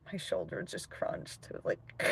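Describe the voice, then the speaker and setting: A woman's voice: a bit bright, slight background noise. A woman casually chatting with viewers on a livestream, rambling loosely and swearing often while reading out comments.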